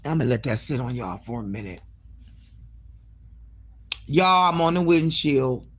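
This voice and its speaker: Animated, foul-mouthed woman telling a story. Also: a little slow, a little hiss or hum. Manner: animated and profane, with frequent swearing and direct asides to listeners; acts out dialogue, jumping up sharply in pitch for quoted lines. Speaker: hair salon owner. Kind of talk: casual storytelling on a live stream.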